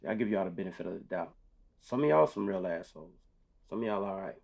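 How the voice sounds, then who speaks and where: A man plays a laid-back but blunt guard. He speaks in an easy, casual drawl, his voice slightly low. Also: animated, fast, gravelly, darkish tone, full character voice.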